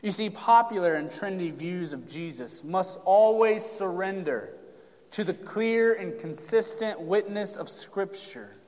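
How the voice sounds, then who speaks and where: A man's voice: sits high, long reverb tail. A pastor preaching a sermon, addressing his congregation directly and building emphasis as he reads from Scripture.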